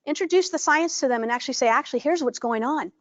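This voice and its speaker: High-voiced woman leading a workshop. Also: fast talker, lo-fi sound. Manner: animated, acts out greetings in a bright voice; asks the audience frequent check-in questions. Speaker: trainer. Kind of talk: live workshop presentation.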